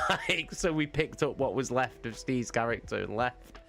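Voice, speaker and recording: A man's voice: mid-range voice, expressive, moderate pace, gravelly, a bit bright, faint music behind. A man streaming live, casually telling a tabletop game story, swearing constantly and laughing often.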